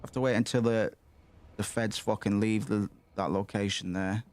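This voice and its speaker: A man's voice: on the low side, steady tone, moderate pace, darkish tone. A young man swearing and rambling through casual commentary while playing a game. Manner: sweary, rambling, muttering asides. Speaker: gaming streamer.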